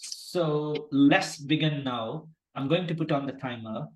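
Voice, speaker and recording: A man's voice: a little high, a little slow, a little mellow, roomy sound, poor audio. A man teaching an online exam-prep class, talking with many fillers and restarts. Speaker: medical exam tutor. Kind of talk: online class, then role-playing a patient.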